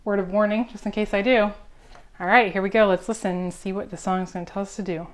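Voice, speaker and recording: A young woman librarian reading a picture book aloud at a preschool storytime, expressive and talking directly to small children. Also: mid-range voice, slight background noise. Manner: slow, expressive, talks to little children.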